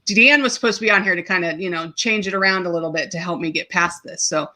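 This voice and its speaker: Woman host, bright sharp voice, emotional, lots of ums, kinda teary. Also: fairly low pitch, fast talker. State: choked up, tearing up. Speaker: podcast host. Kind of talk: live-streamed personal story.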